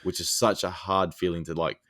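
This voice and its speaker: A man's voice: deep voice, normal speed, no room sound, studio quality. A man co-hosting a podcast, eagerly retelling scenes in casual chat with lots of fillers. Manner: excited, rambling scene retelling with many fillers. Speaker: podcast co-host.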